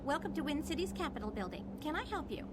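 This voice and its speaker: An actress voicing a polite, formal female receptionist in a video game, heard under loud background noise. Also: sits high, sing-song, fast talker. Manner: formal, scripted courtesy.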